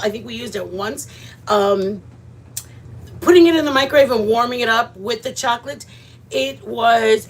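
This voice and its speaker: A woman's voice: fairly high pitch, husky. A woman, chatting casually with her viewers as she hosts a cooking livestream, rambling from one thought to the next. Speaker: livestream host.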